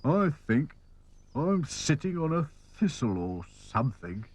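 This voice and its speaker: A man's voice: a little high, very animated, unhurried, breathy edge, voice pushed up, heavily acted. A man voicing a glum, moaning male rag doll in a cartoon, with music underneath.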